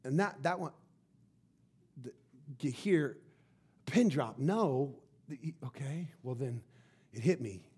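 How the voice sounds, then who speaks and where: A male pastor preaching to his congregation, telling a story in an animated way and often stumbling over repeated words. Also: mid-range voice, slow pace, long pauses, breathy edge. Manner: animated, stammering repetitions. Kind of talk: sermon storytelling.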